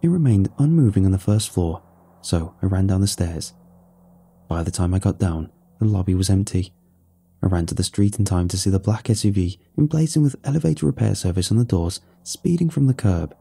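Low husky guy reading a tense first-person story, really dark mellow voice. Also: lively intonation, fairly quick. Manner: tense, hard-boiled storytelling. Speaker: narrator. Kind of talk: first-person audiobook narration.

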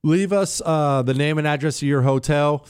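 Man, radio storyteller, sarcastic, animated, slightly high voice. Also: moderate pace, smooth. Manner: animated, sarcastic, swings between loud and quiet. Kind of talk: storytelling monologue.

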